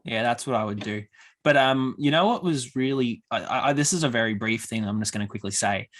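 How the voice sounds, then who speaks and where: Young male podcast host, animated storyteller, mid pitch. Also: fairly quick. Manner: animated storyteller, acts out quoted voices. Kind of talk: casual podcast chat.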